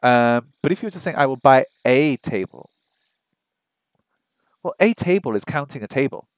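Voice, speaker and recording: A man's voice: mid-range voice, animated, normal speed, pauses often, no room sound, studio quality. Man thinking aloud while drilling phrases. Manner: thinks aloud, repeats phrases over and over, self-mocking. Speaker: streamer learning a language. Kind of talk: casual think-aloud study stream. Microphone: streaming microphone that picks up his voice weakly.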